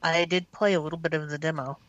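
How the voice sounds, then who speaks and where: A woman's voice: low-pitched, fairly even intonation, fast, dry recording, dull audio. A woman co-hosting a casual gaming podcast who talks in an easygoing way and laughs along with the others. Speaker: podcast co-host.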